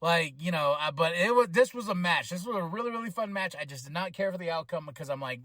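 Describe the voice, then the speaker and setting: A man hosting a podcast, recapping a wrestling show in an excitable, rambling way with many restarts. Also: fairly high pitch, no echo. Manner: acts out wrestlers' lines in quick voices. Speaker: podcast host reviewing wrestling.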